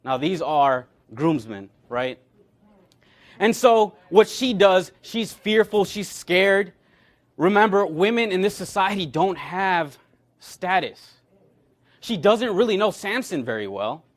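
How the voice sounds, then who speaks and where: A man's voice: high voice, takes it slowly. A man preaching a sermon, retelling a scripture story and acting out the characters' lines. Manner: animated, acts out quoted characters. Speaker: pastor.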